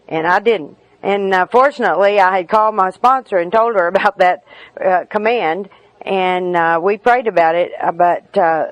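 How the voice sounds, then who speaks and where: A woman's voice: lowish voice, dull audio. Candid woman telling recovery stories. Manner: candid and humorous storytelling. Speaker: speaker at a recovery meeting. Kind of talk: personal recovery talk.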